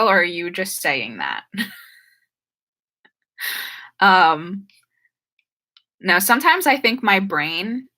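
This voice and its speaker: A woman's voice: fairly low pitch, pushed and bright. A young woman with a New Jersey and Philadelphia accent, chatting casually while she answers viewer questions on a live stream. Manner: chatty, frequent "like" and "um", trips over words. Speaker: YouTuber hosting a live stream Q&A.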